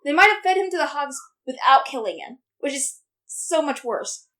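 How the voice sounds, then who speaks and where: High-pitched playful woman podcaster. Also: animated, normal speed, a bit bright. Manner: enthusiastic storyteller, playful. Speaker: podcast co-host. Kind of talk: casual chat.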